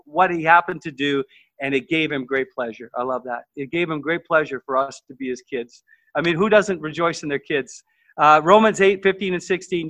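A man's voice: on the high side, a bit bright, no room sound, low-quality recording. A man preaching a sermon as pastor, enthusiastic and quoting scripture, often stumbling and restarting.

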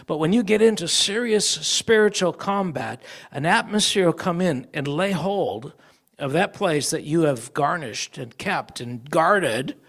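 A man's voice: high voice, fairly bright tone. A male preacher giving a sermon, telling stories and acting out the voices of people he quotes.

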